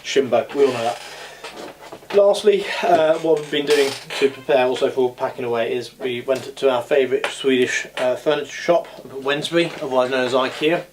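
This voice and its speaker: A man's voice: mid-range voice, normal speed. A man chatting casually in a hobby vlog from his home hobby room, rambling with frequent ums and uhs, recorded on a camera mic. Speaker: scale model hobby vlogger. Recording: audible background noise.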